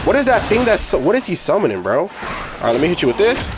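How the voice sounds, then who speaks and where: A young man giving casual, excitable, slangy commentary while playing a video game. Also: high-pitched, fairly quick, music in the background. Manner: excitable, yelling, slangy, hype. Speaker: gaming streamer.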